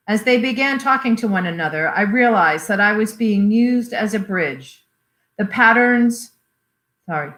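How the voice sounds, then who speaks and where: A woman reading a memoir aloud in a measured storytelling way. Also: fairly low pitch, a bit bright. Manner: measured storytelling with voiced quotes. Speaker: reader. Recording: roomy echoey recording.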